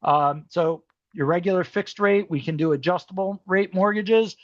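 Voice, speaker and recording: A man with a fairly high voice runs a seminar in an easygoing, conversational way, full of ums and "okay?" check-ins. His voice sounds a little worn. The sound is dry and close but muffled and dull. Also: moderate pace, dry recording. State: voice starting to go. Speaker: mortgage specialist presenting a seminar. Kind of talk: explaining to an audience, informal presentation.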